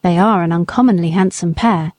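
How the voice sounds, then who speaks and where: A woman voicing a stern, principled middle-aged gentleman in an audiobook, speaking in measured rebuke. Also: lowish voice, pitched below the performer's own voice, close to an everyday voice. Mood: reasoning. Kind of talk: audiobook character reading.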